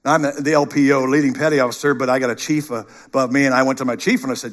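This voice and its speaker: A middle-aged man preaching a sermon, animated, dropping to a hush and rising to loud bursts. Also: mid-range voice, fast, few pauses. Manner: animated, shifts between hushed and shouted. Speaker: pastor.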